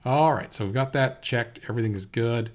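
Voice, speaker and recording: A man teaching a software recording lesson at his computer, talking through each step in a relaxed way with fillers, into a desk microphone indoors. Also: mid-range voice, a little fast. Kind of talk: screen-recorded software tutorial. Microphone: USB desk microphone.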